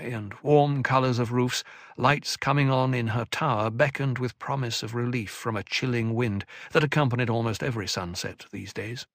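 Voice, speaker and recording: Gravelly male audiobook narrator. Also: mid-range voice, a bit bright, no echo, studio quality. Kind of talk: scripted narration.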